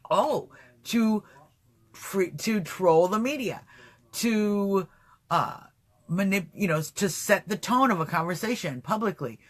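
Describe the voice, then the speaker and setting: A man hosting a casual livestream talk show, rambling and animated, answering chat comments as he goes. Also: high voice, slow. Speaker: livestream host.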